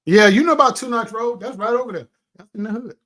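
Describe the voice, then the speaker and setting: A man's voice: extremely high pitch, fast talker. A man, hosting a heated commentary rant, profane and mocking as he talks. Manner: animated, profane, mocking imitations. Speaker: commentary show host.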